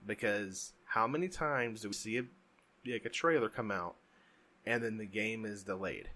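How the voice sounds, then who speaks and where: A man co-hosting a casual podcast, his voice bright and forceful. He talks emphatically, pushing his points hard in an animated rant. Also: fairly low pitch, moderate pace. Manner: emphatic, ranting. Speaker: podcast co-host. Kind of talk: casual chat.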